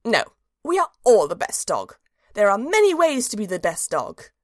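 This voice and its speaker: A woman's voice: medium pitch, wildly swooping pitch, moderate pace, dry recording, studio quality. A woman narrating a storybook in the voice of a cheerful, simple-minded little dog, earnest and childlike.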